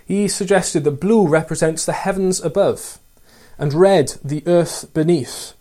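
Preaching a sermon, a man speaks in a mellow, warm voice pitched slightly above the typical male range. He's earnest, frequently poses rhetorical questions to his listeners, and reads scripture passages aloud in between.

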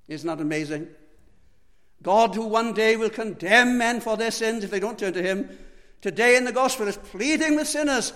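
Impassioned high-voiced preacher in a reverberant hall. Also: male voice, moderate pace. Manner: impassioned, pleading preaching with wide swings between loud and hushed. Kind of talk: sermon.

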